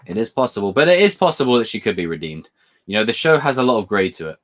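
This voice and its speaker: A man's voice: on the low side, big pitch swings, fast, a bit bright. A man hosting a casual live stream. He reads viewer questions aloud, answers them, swears casually and laughs a lot while telling stories.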